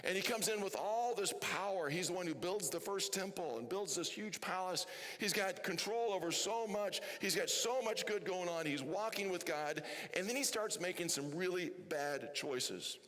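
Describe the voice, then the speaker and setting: A man's voice: high voice, normal speed, fairly bright tone, big-room sound. A man preaching a sermon as pastor, chatty and often asking the congregation questions. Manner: chatty, asks the crowd questions. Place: church hall.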